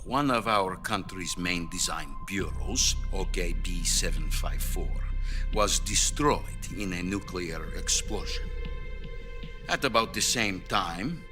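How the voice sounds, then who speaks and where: An actor playing a stern older Soviet premier, speaking slowly and gravely on a hotline call over game cutscene music. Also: male voice, deep voice. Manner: slow, grave and threatening.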